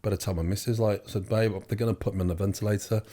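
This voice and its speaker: A man's voice: lowish voice, steady tone, racing, dark tone. A young man telling his story as an interview guest, rambling with many fillers and restarts. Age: young adult. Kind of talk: casual storytelling.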